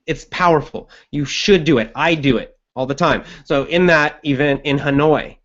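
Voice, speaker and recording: A man's voice: fairly high pitch, moderate pace, lo-fi sound. Man coaching viewers on a live show. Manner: energetic, coaching tone with laughs. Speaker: host.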